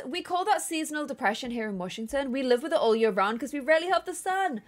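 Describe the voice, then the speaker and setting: A woman's voice: high voice, lively intonation, quick pace. A woman from England, chatting casually with viewers on a live gameplay stream and reading chat aloud.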